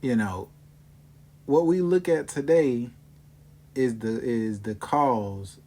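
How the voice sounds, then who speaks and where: Man calmly explaining to his viewers. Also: medium pitch, takes it slowly. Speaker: video host. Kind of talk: casual explainer talk to viewers.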